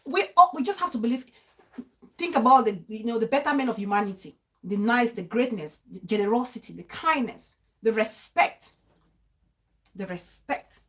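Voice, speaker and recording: Animated woman hosting a live show. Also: fairly high pitch, a little fast. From Cameroon. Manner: animated, laughs often, frequent restarts. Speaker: talk show host. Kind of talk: live-stream talk show, reading viewer comments.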